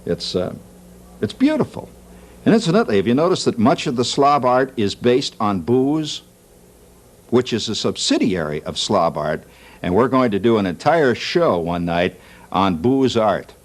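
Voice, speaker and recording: A man's voice: mid-range voice, sing-song, moderate pace. A man hosting a TV talk show, doing a jokey, wry comic monologue and laughing at his own jokes.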